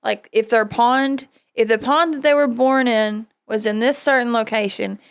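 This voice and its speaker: A woman's voice: on the high side, fairly even intonation, moderate pace, vocal fry, clear, resonant tone, no room sound. A woman hosting a podcast in casual chat, blunt and profane, laughing often. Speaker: podcast host.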